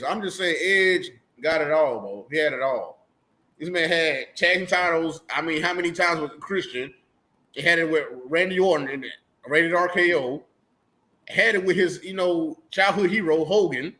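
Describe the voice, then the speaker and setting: A man with a high, bright, ringing voice, talking fast and loose on a wrestling podcast. He argues with emphatic slang and breaks into laughter often, keeping the banter lively. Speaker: podcast co-host. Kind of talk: casual wrestling debate.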